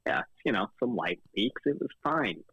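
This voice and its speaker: A man guesting on a casual chat show, laid-back and full of fillers, jumping up in pitch when he quotes himself. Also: very animated, moderate pace, vocal fry, pushed and bright, slightly rough, dry recording, highs cut off. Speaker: guest photographer.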